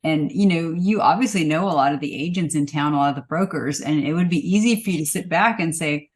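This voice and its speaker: A podcast host in a casual chat, upbeat and listing points in a steady rhythm. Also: medium pitch, a little fast.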